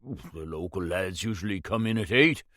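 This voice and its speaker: A man voicing an eager, proud village publican who talks in an excited, hearty way. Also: low voice, moderate pace, no room sound, studio quality.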